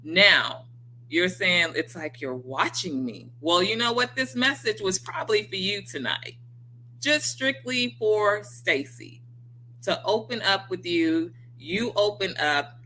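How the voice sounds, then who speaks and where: A woman's voice: on the low side, pushed and bright, a little hiss or hum, poor audio. A woman hosting a livestream, talking earnestly and encouragingly straight to her viewers and acting out the voices in their heads. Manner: acts out quoted inner voices. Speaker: livestream host. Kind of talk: motivational livestream talk.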